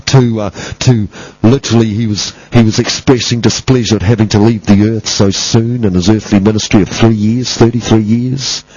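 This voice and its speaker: Male preacher, husky tone, emphatic and repetitive delivery, muffled lo-fi recording. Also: on the low side, darkish tone, no echo. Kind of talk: sermon.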